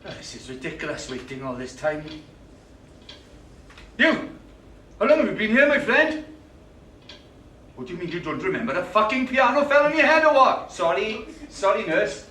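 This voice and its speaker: A man's voice: high voice, sing-song, moderate pace, pauses often, pushed and bright, exaggerated voice. A man performing a live stage monologue as a cantankerous, swearing older man complaining in a hospital waiting room. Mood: irritable. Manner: gruff, complaining, swearing, bossy. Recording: roomy live stage sound, distant mic.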